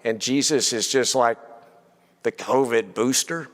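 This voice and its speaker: A man teaching a church Bible class in an easy, conversational way. He keeps turning to rhetorical questions for his listeners. His voice sits at a middle pitch and carries a long hall reverb. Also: unhurried. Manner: conversational, asks many rhetorical questions, frequent "you know". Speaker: preacher.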